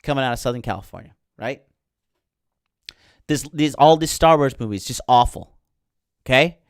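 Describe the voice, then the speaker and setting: A man's voice: mid-range voice, animated, normal speed, dry recording, studio quality. A man hosting a podcast, ranting about a film in a heated, sarcastic way full of swearing. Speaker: podcast host.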